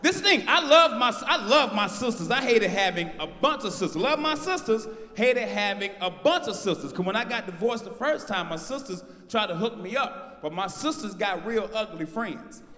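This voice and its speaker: A man in his forties doing brash live stand-up with crowd work, shouting out his punchlines. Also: high-pitched, animated, normal speed, few pauses. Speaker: stand-up comedian. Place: large live venue on stage. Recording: live house mix with long hall reverb.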